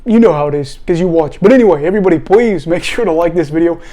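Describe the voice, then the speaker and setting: A man's voice: on the high side, fast talker, mellow. A man, a young adult, hosting a casual solo sports recap, chatty and often breaking into apologetic laughter. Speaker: sports channel host.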